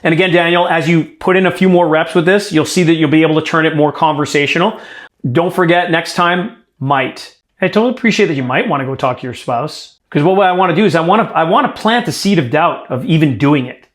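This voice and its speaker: A man's voice: fairly high pitch, a little fast, echoey room. A man coaching a sales team in a direct, emphatic way, acting out sample lines. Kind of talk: coaching workshop.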